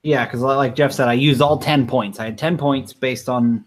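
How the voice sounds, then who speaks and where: A man's voice: mid-range voice, fairly even intonation, moderate pace, slight background noise. A man playing a tabletop game, asking about the rules in a casual, slightly apologetic way. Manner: questioning, apologetic. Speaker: player.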